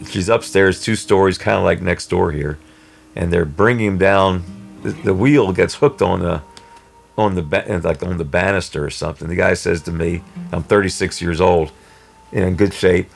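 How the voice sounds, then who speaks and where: A man telling a personal story in a rambling, halting way with many restarts. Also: sits low, creaky, faint music behind. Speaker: storyteller guest. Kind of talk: casual spoken storytelling.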